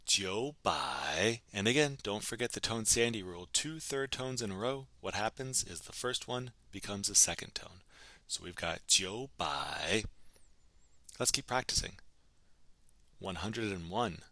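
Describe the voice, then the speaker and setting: A man with a lowish but bright, forward voice teaches a recorded language lesson. He drills numbers patiently, asking and then answering each one. The sound is dry and close. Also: normal speed, no room sound.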